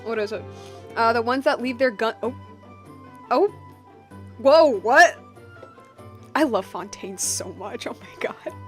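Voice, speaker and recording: A young woman streaming a video game, chatting casually, excitable and giggly, with lots of restarts and "like"s. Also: a little high, normal speed, faint music behind. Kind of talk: casual game livestream commentary.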